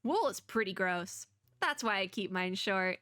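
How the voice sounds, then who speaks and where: A woman's voice: medium pitch, expressive, unhurried, pushed and bright, dry recording. A woman reading the lines of a squeamish male sheep who is a ghost scientist. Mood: grossed out. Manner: reading lines aloud, dramatic.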